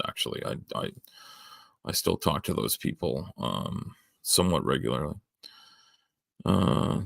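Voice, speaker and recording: A man's voice: very deep voice, creaky, no echo, clean studio sound. A middle-aged man with a Southern Ontario accent, a livestreamer rambling as he thinks aloud and answers his chat. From Canada. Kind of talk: casual chat.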